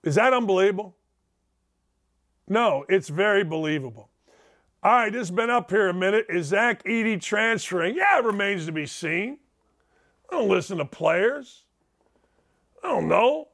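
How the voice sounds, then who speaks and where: A man's voice: high-pitched, expressive, normal speed, gravelly, pauses often, fairly bright tone. A middle-aged man hosting a sports talk show from home, ranting in an emphatic, sarcastic and digressive way. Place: home studio.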